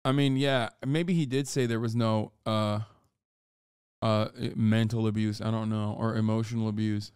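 A man's voice: fairly low pitch, level tone, normal speed, darkish tone, clear, resonant tone, no room sound. A man streaming, reading a news article aloud and breaking off into profane, incredulous asides. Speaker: streamer and commentator. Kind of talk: casual reaction commentary, reading an article aloud.

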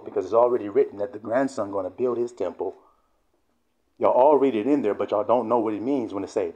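A man preaching a fiery, profane sermon, swearing often and sometimes shouting. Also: fairly low pitch, a little fast.

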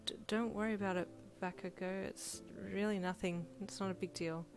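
A woman's voice: medium pitch, fairly even intonation, moderate pace, soft background music, natural voice. A woman voicing a shy, flustered teenage girl who stammers bashfully, in a storybook reading.

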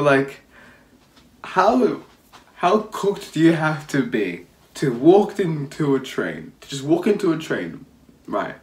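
A man's voice: mid-range voice, darkish tone. Young man rambling a story, echoey room. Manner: rambling, swearing, frequent restarts. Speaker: vlogger. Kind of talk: casual storytelling.

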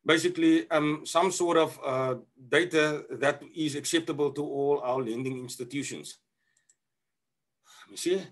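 Halting man presenting on a video call. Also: a little high. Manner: halting, many fillers and restarts. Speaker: conference presenter. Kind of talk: online conference presentation.

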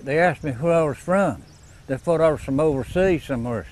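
A man's voice: fairly high pitch, a little fast, a little mellow. A man retelling an anecdote casually in an interview, dry and matter-of-fact.

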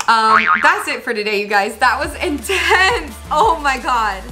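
A young woman hosting a casual gameplay commentary, gushing and excitable and laughing often. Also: high voice, a little slow, soft background music. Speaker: gaming channel host.

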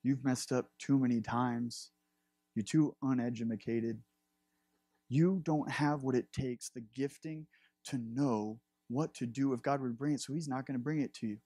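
Man putting on a low heavy taunting voice, discouraging, dry sound. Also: steady tone, measured pace, mellow, no echo, close to an everyday voice. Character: low taunting inner voice of the liar.

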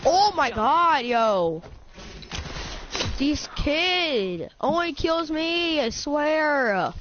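A woman gamer chatting with teammates during an online shooter match, excitable, complaining and playfully threatening. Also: high-pitched, drawn-out words. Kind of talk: casual chat while playing an online shooter. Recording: muffled lo-fi mic with loud clicking noise.

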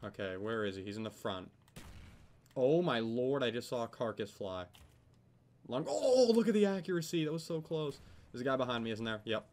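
A young man giving live commentary over a video game, swearing often and yelling when things go wrong. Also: medium pitch, expressive, moderate pace. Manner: swears a lot, yells when frustrated. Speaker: gaming commentator.

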